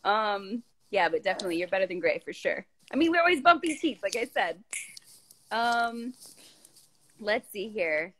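A woman's voice: mid-range voice, very animated, normal speed, fairly bright tone. A woman hosting a casual phone live stream, bubbly and teasing as she reads viewer questions.

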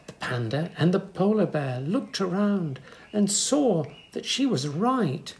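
A man reading a children's picture book aloud, gently pointing things out to young listeners in soft asides and lifting his voice for the animals' lines. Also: high-pitched, lively intonation, slow pace, vocal fry. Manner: lifts voice for animal speech without distinct characters. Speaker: children's story reader.

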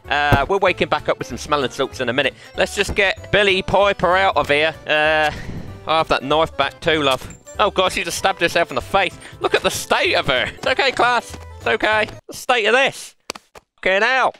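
Brash British gamer with a bright voice. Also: male voice, on the high side. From United Kingdom. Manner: playful mock-teacher banter, swings between quiet menace and loud outbursts. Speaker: YouTube gamer. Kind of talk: comedic VR gameplay commentary.

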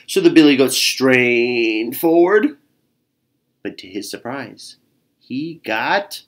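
A male storyteller reading a picture book aloud at an unhurried pace. He is expressive and voices sound effects along the way. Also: mid-range voice.

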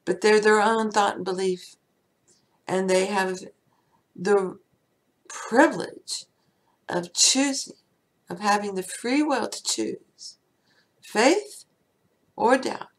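Woman, spiritual teacher, unhurried delivery, rhetorical questions, slight vocal fry. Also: medium pitch. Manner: asks the listener many rhetorical questions. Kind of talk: inspirational spiritual talk.

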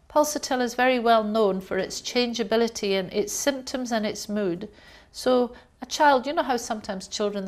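Woman lecturing with acted-out coughs. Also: medium pitch. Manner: explanatory, acts out coughs and gasps, uses fillers. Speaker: homeopathy lecturer. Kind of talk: recorded lecture.

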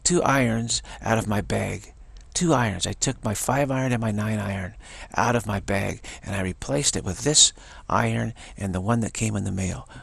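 A man's voice: fairly low pitch, vocal fry, fairly bright tone, husky, dry recording. A man telling a rambling, enthusiastic story in a casual monologue, often restarting his sentences.

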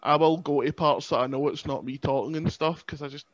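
Higher-voiced man, laughing and chatty. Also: steady tone, brisk, no echo, dull audio. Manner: chatty, laughing, self-deprecating. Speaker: podcast guest. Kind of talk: casual podcast chat. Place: remote podcast call.

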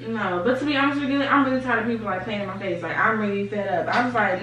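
A woman's voice: mid-range voice, racing, few pauses, fairly bright tone. A woman vlogger chatting casually and straight to her viewers. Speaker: vlogger pranking her boyfriend. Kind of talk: casual vlog talk. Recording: echoey room, mic at a distance.

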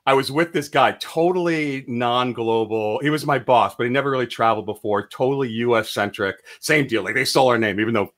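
A man co-hosting a casual talk show, telling stories in a lively, joking way. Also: fairly quick, hardly any pauses. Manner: animated storyteller, jumps to a high comic voice when joking. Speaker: co-host. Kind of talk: casual chat.

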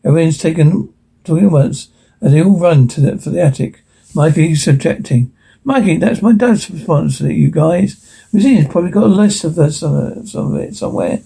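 A man's voice: fairly high pitch, normal speed, gravelly, mellow, breathy edge. A man reading a film transcript aloud, stumbling over words, restarting, and reading every part and stage direction in the same voice. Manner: reads stage directions and every character in one voice. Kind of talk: unrehearsed reading aloud of a script.

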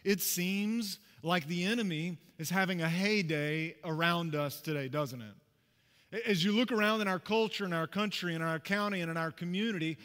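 A man preaching a sermon as pastor, telling a personal story in a conversational, animated way with asides to the congregation. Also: high voice, big-room sound. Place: church sanctuary.

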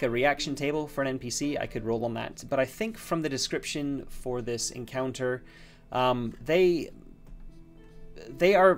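A man plays and narrates a solo tabletop fantasy game by himself. He thinks aloud, wanders through fillers and restarts, and talks at an ordinary middle pitch. Soft guitar music plays underneath. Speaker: solo game master and player.

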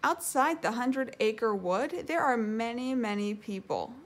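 A woman's voice: fairly high pitch, measured pace. A woman voicing a kind, sensible young boy who explains things patiently in a storybook read-aloud.

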